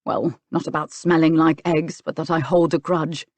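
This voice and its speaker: A woman voicing a stubborn, gruff young male physician in an audiobook, speaking bluntly. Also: a little high, fairly even intonation, moderate pace, a little mellow, no echo. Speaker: village physician. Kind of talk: audiobook character dialogue.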